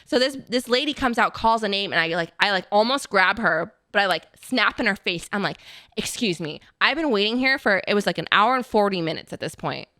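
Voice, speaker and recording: Young woman podcast host, bright punchy voice, dry close sound, swears a lot, says like constantly. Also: medium pitch, a little fast, hardly any pauses, no room sound. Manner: profane, with frequent "like" fillers; animated, acts out quotes in the story. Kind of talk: casual chat, storytelling. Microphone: podcast mic.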